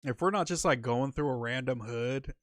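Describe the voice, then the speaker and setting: A man's voice: mid-range voice, moderate pace, dry recording, studio quality. A man hosting a livestream podcast in a casual, laid-back way, full of slang, reading chat aloud and saying bro a lot.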